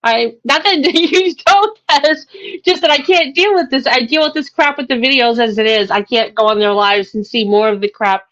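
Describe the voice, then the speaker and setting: High-pitched laughing woman co-host, lo-fi. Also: normal speed, a bit bright. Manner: laughs often, blunt. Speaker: co-host of a live stream. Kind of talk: casual live-stream chat. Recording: dull lo-fi audio.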